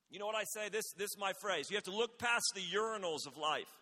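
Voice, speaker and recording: Man preaching, high bright voice, animated storytelling, shouting peaks, long hall reverb. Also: fast talker, hardly any pauses. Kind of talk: sermon.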